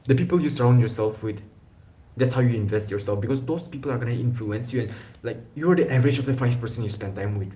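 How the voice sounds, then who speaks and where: A man's voice: mid-range voice, fast talker, dark tone. Young man rambling on a live stream. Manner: rambling, with restarts and slang. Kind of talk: casual live stream chat. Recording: echoey room.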